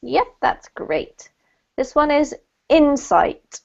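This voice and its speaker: A woman teaching an online English class in a slightly high voice, warm with praise and quick to correct word stress. She talks over a video call, and the audio comes through muffled. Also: expressive. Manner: encouraging, corrects pronunciation.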